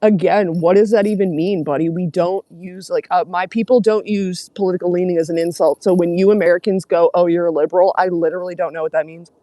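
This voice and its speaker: Young woman streamer, sarcastic and profane, dark mellow tone, dry close sound. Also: lowish voice, steady tone, a little fast, few pauses, dry recording. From Canada. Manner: sarcastic, profane, mocking commenters. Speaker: livestreamer. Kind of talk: casual livestream chat reading comments.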